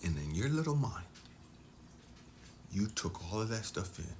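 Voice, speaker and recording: A man speaking as a life coach in an intense motivational talk, dropping to hushed near-whispers and then surging for emphasis. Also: fairly low pitch, very animated, a little slow, slight background noise.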